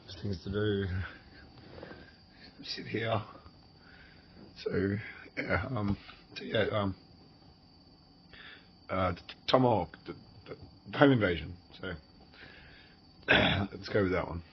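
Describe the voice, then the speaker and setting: Australian man, deep voice, rambling profane storytelling, dull lo-fi recording. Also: takes it slowly, pauses often, a little hiss or hum. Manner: rambling, profane, frequent fillers and restarts. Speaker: vlogger telling a personal story. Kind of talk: casual storytelling monologue.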